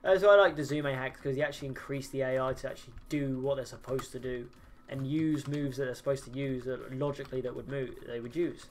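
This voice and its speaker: A man's voice: mid-range voice, fairly even intonation, a little fast. Tired man chatting on a game stream. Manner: chatty, swears, answers chat, many ums and restarts. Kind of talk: casual gaming livestream chatter.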